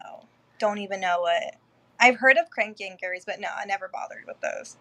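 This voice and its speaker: A woman's voice: medium pitch, moderate pace, sharp tone. A woman guest in a casual interview who chats freely, laughs often and swears now and then.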